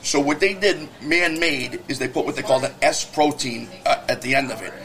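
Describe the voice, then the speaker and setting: A man's voice: mid-range voice, a bit bright. A man, a guest on a podcast, ranting heatedly and cursing as he tells stories in casual conversation. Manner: heated, profane storytelling rant; quick, emphatic talk. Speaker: guest, business owner.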